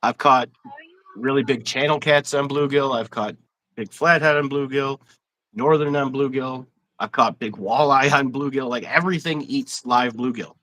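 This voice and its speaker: A man's voice: medium pitch, normal speed, a bit bright, poor audio. A man hosting a casual fishing livestream interview, chatty and rambling, laughing often. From Wisconsin. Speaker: host.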